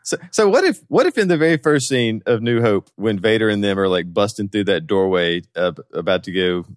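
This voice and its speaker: A man's voice: fairly low pitch, lively intonation, brisk, no echo, clean studio sound. A man co-hosting a casual podcast chat, riffing and laughing through jokes. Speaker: podcast co-host.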